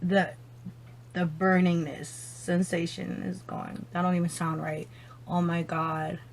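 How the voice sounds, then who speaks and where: A young woman does her makeup on camera at home and chats on the phone as she goes. She drawls her words out slowly and swears freely. She keeps exclaiming and laughing between lines. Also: fairly low pitch, level tone, a little hiss or hum. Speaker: beauty vlogger. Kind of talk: casual makeup chat on the phone.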